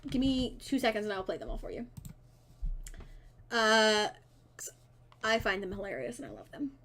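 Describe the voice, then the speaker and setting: A young woman live-streaming a game, chatting casually with lots of swearing and loud bursts of laughter. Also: mid-range voice, big pitch swings, moderate pace. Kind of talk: casual live-stream chat while gaming.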